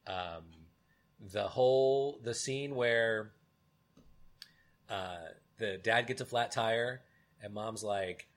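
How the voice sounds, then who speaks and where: A man's voice: on the low side, slow, pauses often. A man co-hosting a podcast in casual chat, rambling with many fillers and animatedly retelling movie scenes. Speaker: podcast co-host.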